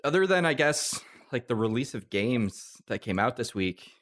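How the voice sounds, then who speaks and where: Man, mid pitch, rambling, swears a lot, laughs often, casual podcast host. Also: very animated, normal speed, fairly bright tone. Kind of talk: casual chat.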